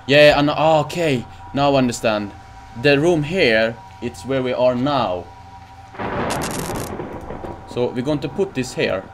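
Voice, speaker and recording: A man playing a horror game on his channel, panicking, swearing and talking to himself, jumping into high yelps when scared. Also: slow, pauses often, background noise. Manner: jumps to high-pitched yelps when startled. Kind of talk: let's-play commentary.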